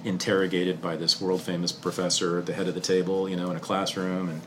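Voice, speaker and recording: Low-voiced candid middle-aged man. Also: quick pace, background noise. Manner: candid, animated storytelling, swears casually. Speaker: historian. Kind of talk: casual interview.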